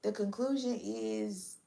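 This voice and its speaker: A woman's voice: medium pitch, steady tone, takes it slowly, vocal fry, warm tone. A woman giving a casual spoken reading in a blunt, slangy, frank manner. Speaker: tarot reader.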